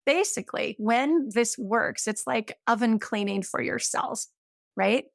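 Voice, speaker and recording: A woman in her fifties, guesting in an interview, explains science with enthusiasm, using everyday comparisons and checking in with "right?" Her voice is gravelly, on the high side and a little slow, recorded studio quality with no echo.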